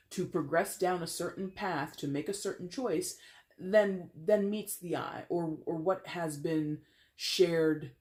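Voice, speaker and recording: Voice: medium pitch, a little mellow. Tarot reader, casual to-camera style, chatty, rambling, playful asides.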